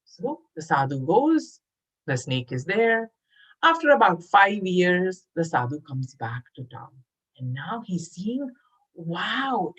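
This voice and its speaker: Husky-voiced woman telling a story. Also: medium pitch, low-quality recording. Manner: animated and conversational, addresses listeners directly. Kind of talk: storytelling for children.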